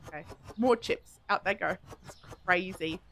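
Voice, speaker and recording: A woman's voice: fairly low pitch, measured pace, fairly bright tone, a little hiss or hum. A woman live-streaming a game, chatting casually with viewers, giggling often and thinking aloud as she plays. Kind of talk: casual live-stream chat while playing.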